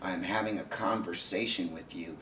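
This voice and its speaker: A deep-voiced man lectures and confronts someone at home, profane and insistent. He sits away from the mic in an echoey room. Faint noise hums underneath. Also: steady tone, moderate pace, bright, forceful tone, distant mic. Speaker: live streamer. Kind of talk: heated domestic argument. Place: at home, indoors.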